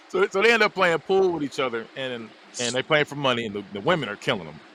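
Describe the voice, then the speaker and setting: Мужчина с очень живой, подвижной интонацией. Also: male voice, mid-range voice, fast talker, slight background noise, poor audio. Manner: animated storytelling, frequently laughing. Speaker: podcast host. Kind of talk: casual movie recap.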